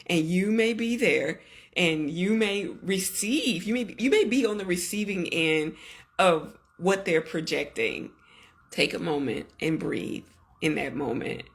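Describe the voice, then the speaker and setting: A woman hosting a podcast, talking earnestly to her listeners and gently coaching them in slow, deliberate phrases. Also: lowish voice, lively intonation, gravelly. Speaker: podcast host. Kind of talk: reflective solo podcast talk.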